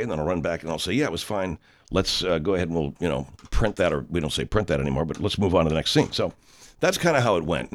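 This deep-voiced man plays his part lightly, portraying a self-important, pompous horror director in a comic monologue. The character wanders through a story while talking about himself in the third person.

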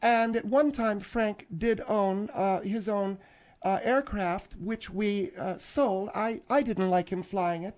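A man's voice: sits high, a little mellow, voice pushed up. A man voicing a touchy older woman who bickers with the host in a radio comedy sketch. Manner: bickering, quick to take offense.

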